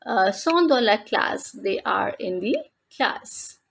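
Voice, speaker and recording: Woman, French teacher, patient voice-over lesson for beginners; gravelly edge, mid pitch, deliberate pacing. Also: expressive. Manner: slow and deliberate, repeats words in French then English. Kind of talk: explaining a textbook lesson.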